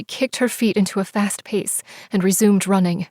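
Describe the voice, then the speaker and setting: Expressive woman narrating a dark romance audiobook. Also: medium pitch, normal speed, no room sound, clean studio sound. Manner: expressive, breathless in tense scenes, shifts into soft whispers.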